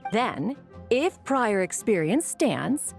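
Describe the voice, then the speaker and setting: A stately game immortal who speaks in formal, archaic phrasing. Her pitch sits mid-range but rises and falls with lively movement. Faint game music sits behind her. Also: takes it slowly, creaky, heavily acted. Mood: measured. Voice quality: formal, archaic self-reference. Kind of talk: video game voice acting.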